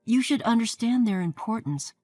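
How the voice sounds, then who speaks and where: A woman's voice: fairly high pitch, lively intonation, normal speed, a little mellow, no echo, faint music behind, voice pushed up. A woman voicing a pushy, sarcastic sister-in-law who talks in a righteous, demanding way. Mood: scolding. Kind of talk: scripted story narration.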